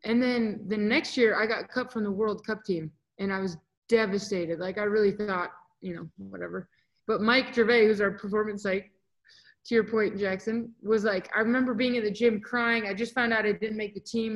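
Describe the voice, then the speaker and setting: A woman's voice: medium pitch, normal speed, poor audio. Chatty young woman telling stories. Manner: animated, chatty, acts out quotes. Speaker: volleyball player guest. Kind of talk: casual interview storytelling.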